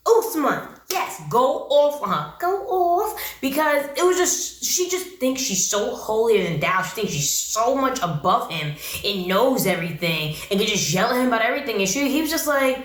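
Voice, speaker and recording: A woman's voice: a little high, expressive, a little fast, few pauses, a bit bright, reverberant. A young woman giving casual, blunt and opinionated vlog commentary on a reality show, full of slang. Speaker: YouTube reality-TV reviewer.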